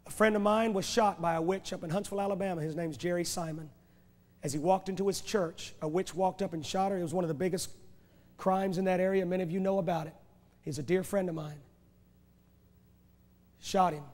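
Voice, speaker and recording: A man's voice: high-pitched, steady tone, brisk, pauses often, a little mellow. A man preaching a revival sermon in a church, driving home his points with rhetorical questions and repeated phrases. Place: large church sanctuary. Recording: echoey church hall from a VHS tape.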